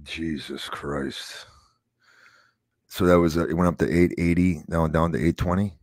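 A man's voice: low-pitched, unhurried, no echo, studio quality. A man co-hosting a casual livestream, brash and swearing, prodding his co-host to keep going. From Canada. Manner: lively, swearing, prods his co-host along.

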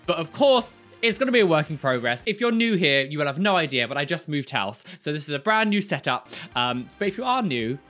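A man hosting a reaction video, talking in an animated way with shocked outbursts and giggles, in a room of his new home. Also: high-pitched. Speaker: YouTube host reacting to tattoo fails. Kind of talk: reaction commentary.

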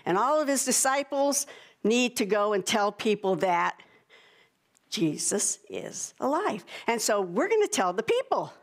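A woman's voice: a little high, sing-song, moderate pace. A woman pastor in a church sanctuary, leading a prayer and giving a playful, coaxing children's sermon.

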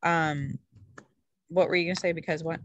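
A woman's voice: low voice, steady tone, normal speed, highs cut off, noisy background. A woman leading a casual group video call as a food coach, chatty and rambling with lots of fillers, a little short of breath.

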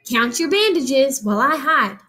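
A woman voicing a scared little boy mummy in a put-on British accent, with a high, pleading childlike voice. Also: big pitch swings, moderate pace, bright, forceful tone, exaggerated voice.

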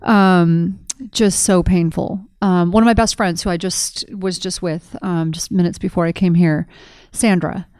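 A woman's voice: lowish voice, fairly even intonation, unhurried, darkish tone, clean tone, dry recording. A middle-aged woman co-hosting a podcast in casual conversation, telling stories with animation and acting out quoted dialogue. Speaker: podcast co-host.

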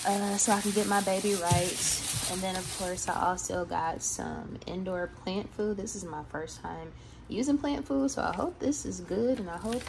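Sassy woman vlogging, gravelly voice. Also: mid-range voice, moderate pace. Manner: sassy, playful, salty slang, frequent laughs. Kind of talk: casual chatty vlog. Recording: noisy home recording.

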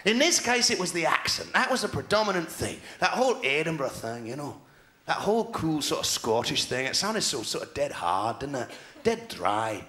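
Ranting southern English comedian, high and lively. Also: male voice, noisy background. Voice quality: ranting, sardonic and fast-talking. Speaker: stand-up comedian. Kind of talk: live stand-up routine. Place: large theater stage. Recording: echoey theater hall.

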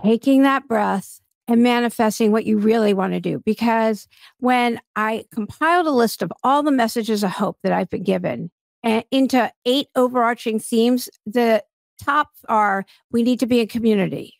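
A woman's voice: on the high side, moderate pace, vocal fry, no room sound. Upbeat, chatty middle-aged woman podcast host. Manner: chatty, upbeat, rambling storyteller with many restarts. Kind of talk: casual solo podcast monologue.

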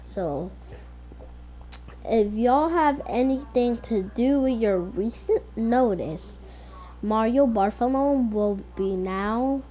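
A woman telling a casual game role-play story in a rambling, hesitant way with many pauses. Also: fairly high pitch, warm tone.

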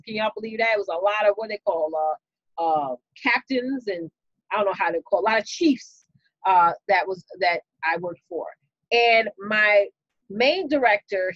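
A woman with a New York accent, hosting a casual live stream and telling a story to her viewers in a lively, chatty way, calling them y'all. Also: mid-range voice, no echo, muffled recording. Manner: animated, chatty, talks straight to viewers with y'all and you know. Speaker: business coach and live-stream host.

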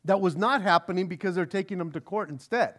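A male pastor preaching a verse-by-verse sermon in an earnest way, often stumbling over and restarting his words, and reading scripture aloud slowly. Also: high-pitched, a bit bright. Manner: earnest, frequent stammered restarts. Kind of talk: expository sermon.

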